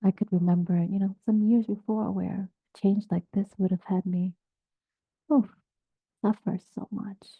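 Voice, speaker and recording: A woman meditation teacher giving a dharma talk in a gentle, halting way, often dropping to a near-whisper. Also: mid-range voice, level tone, slightly rough, no room sound. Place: meditation group session, also on video call. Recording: tinny phone-like sound.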